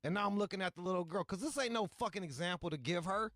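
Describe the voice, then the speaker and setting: A man's voice: high-pitched, fast talker, hardly any pauses, a bit bright, no room sound, soft background music. A man from Michigan telling a long, profane story in casual chat, full of asides and acted-out quotes. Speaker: podcast host.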